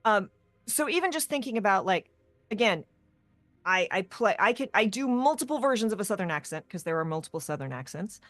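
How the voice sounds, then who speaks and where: A woman co-hosting a tabletop gaming talk show, chatting casually in an animated, rambling way with quick tangents. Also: medium pitch, dry recording, soft background music. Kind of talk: casual chat.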